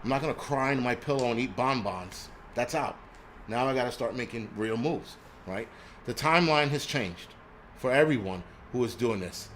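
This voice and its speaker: A man from New York City runs a prepping live stream, delivering an angry, foul-mouthed, blunt rant that keeps restarting and stuttering. He speaks at a normal speed in a medium pitch that's a bit bright, over a slight hiss or hum.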